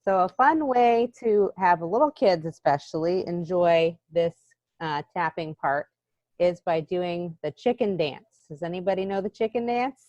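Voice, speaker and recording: A woman's voice: lowish voice, a little slow, a little mellow, no echo. A woman teaches children over a video call, speaking to them directly in a cheerful, encouraging way. The sound is dry and a little dull. She keeps an easy, friendly pace. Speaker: EFT tapping instructor for children. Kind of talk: live virtual class for kids.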